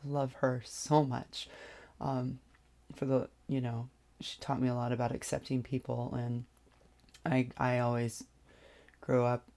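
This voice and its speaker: A vlogger telling a personal story in a hesitant way, with many pauses and restarts. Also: mid-range voice, flat delivery, creaky, a little mellow.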